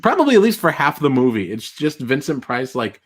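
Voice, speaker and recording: A man's voice: medium pitch, sing-song, fairly quick, husky. A man co-hosting a casual movie chat, rambling with lots of filler words and frequent laughter. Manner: rambling, laughs often, restarts lines. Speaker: podcast co-host.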